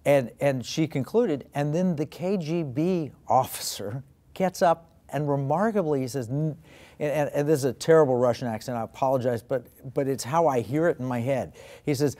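A man's voice: mid-range voice, normal speed, dark tone. A man hosting an interview, telling a story in a conversational way. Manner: anecdotal, conversational. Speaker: host.

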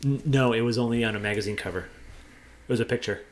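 A young man co-hosting a casual movie review podcast, rambling and animated, with lots of fillers. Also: mid-range voice, fast talker. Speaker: podcast co-host.

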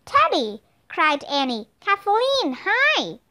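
A woman reading aloud and voicing an eager, excited young girl in a storybook, with a bubbly, exclaiming manner. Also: extremely high pitch, slow, voice pushed up, full character voice.

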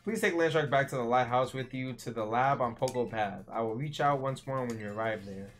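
A man's voice: mid-range voice, brisk, soft background music, lightly acted. A man reading aloud the phone messages of a scientist mother in a video game, in a matter-of-fact tone.

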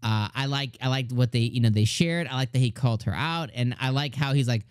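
A man's voice: medium pitch, a little fast, clear, resonant tone, dry recording, clean studio sound. A man giving an enthusiastic casual anime episode review, often acting out the characters' lines.

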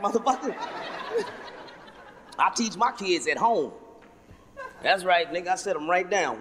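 A man performing stand-up comedy, profane, loud and animated in his storytelling. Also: sits high, normal speed, pauses often, a little hiss or hum. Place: large venue with audience. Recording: live hall with loud crowd.

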